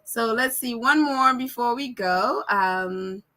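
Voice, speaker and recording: A woman with a non-American accent hosts a casual live stream, reading viewer comments aloud in a chatty way. Her fairly high voice is bright and forceful at a slow pace, and she laughs often and corrects herself with apologies.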